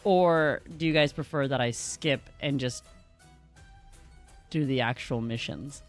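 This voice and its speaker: Faint music plays behind a woman's bass voice, a little slow, as she streams a game. She chats casually with her viewers and reads the story aloud, often laughing and tripping over hard game words.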